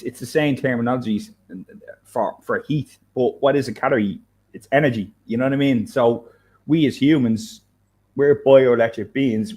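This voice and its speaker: A man in casual conversation who rambles and thinks out loud, restarting his sentences often. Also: medium pitch. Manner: rambling, many restarts and fillers, thinks aloud. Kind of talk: casual chat.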